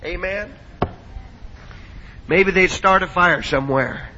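A man's voice: sits high, moderate pace, bright, forceful tone, slightly rough. A middle-aged man preaching a fiery sermon, emphatic, asking his congregation for amens. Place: church hall. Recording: dull 1970s church tape in a hall.

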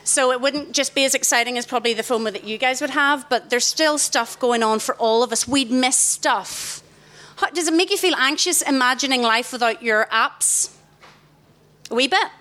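A middle-aged woman, giving an animated talk to young people in a festival tent and questioning the crowd directly. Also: high voice. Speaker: youth event speaker. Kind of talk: interactive talk to a young audience. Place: large festival tent, live audience.

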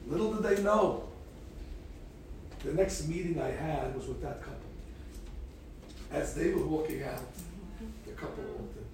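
A man's voice: fairly high pitch, a little slow, pauses often, a little mellow, very echoey, recorded from a distance, slight background noise, poor audio. A man, a rabbi, telling stories in a talk to a group of girls and acting out the people he quotes.

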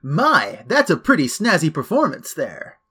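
A man playing a brash young hedgehog hero from a game, cocky, raised voice, bright. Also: fairly high pitch, wildly swooping pitch, measured pace, husky, voice pushed up, full character voice. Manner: cocky, upbeat.

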